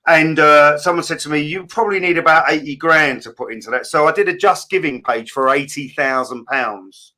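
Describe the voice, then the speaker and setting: A middle-aged man, a guest talking candidly in a casual interview, often pausing on fillers and restarting. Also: on the high side, bright, forceful tone. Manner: candid, plain-spoken, with many fillers and restarts.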